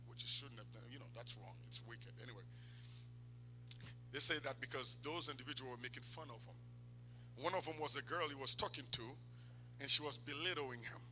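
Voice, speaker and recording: Impassioned preacher, high bright voice. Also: male voice, slight background noise. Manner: impassioned, swings from loud exhortation to low asides. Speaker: pastor. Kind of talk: sermon. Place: church sanctuary. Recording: long church hall reverb.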